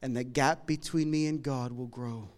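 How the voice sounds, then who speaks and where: A middle-aged man preaching a sermon in a conversational, humorous way, moving between loud emphatic lines and quiet asides. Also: medium pitch, fairly even intonation, normal speed. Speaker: pastor.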